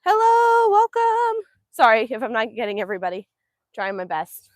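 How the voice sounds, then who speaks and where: A woman's voice: a little high, expressive, normal speed, dry recording, studio quality. A woman hosting a casual livestream outdoors on a farm, chatty and laughing often as she answers viewers. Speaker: homestead livestream host. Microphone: phone livestream.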